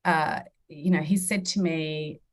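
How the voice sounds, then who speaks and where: Steady and measured, a deep-voiced woman in her fifties tells personal stories as a guest on a podcast interview. A medium and mentor, she speaks earnestly and reflectively and acts out the dialogue she quotes.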